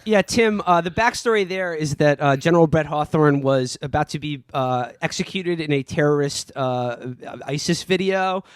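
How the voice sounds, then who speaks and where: A man's voice: a little high, normal speed, few pauses, smooth, no echo. A man co-hosting a comedy podcast, reading a novel aloud in a mocking, dramatic way and often breaking into laughter. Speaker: podcast co-host.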